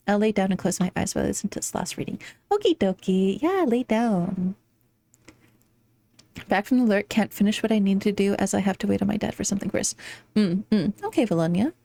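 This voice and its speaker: A woman's voice: medium pitch, creaky, dark tone, no echo. Giggly young woman streamer, dry sound. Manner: affectionate, playful baby talk, giggly. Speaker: streamer doing tarot readings. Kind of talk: casual live-stream chat reading viewer messages.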